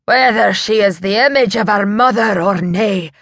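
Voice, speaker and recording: A woman's voice: a bit bright, dry recording, clean studio sound. A woman voicing a grave Scottish cousin. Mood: reproachful. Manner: low, measured, reproachful. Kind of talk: audiobook character voice.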